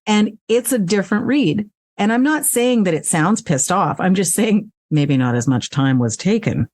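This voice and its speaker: A frank, animated woman speaks as an interview guest, her voice sitting in a middle register. She swears freely and speaks with energy. The sound is close and dry, with no room around it. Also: medium pitch, moderate pace, dry recording. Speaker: voice actress and guest. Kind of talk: casual interview chat. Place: home recording space.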